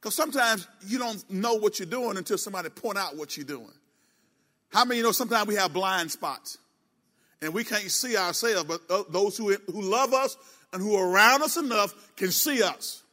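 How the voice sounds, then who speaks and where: Middle-aged male pastor, bright and forceful delivery, preaching in a church sanctuary with long reverb. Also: sits high, lively intonation, moderate pace. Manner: preachy, emphatic, call-and-response asides. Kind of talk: sermon.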